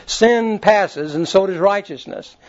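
A man leads a Bible class in a fairly high voice. He talks in a folksy, rambling way and often restarts his sentences. The recording is dull and lo-fi. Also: slow. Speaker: Bible teacher. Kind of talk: conversational Bible class teaching. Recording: muffled lo-fi recording.

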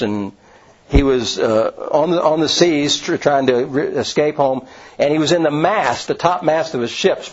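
A man's voice: mid-range voice, breathy edge. A man preaching a sermon, reading scripture and quoting passages aloud between plain asides, with frequent restarts. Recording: dull lo-fi sound.

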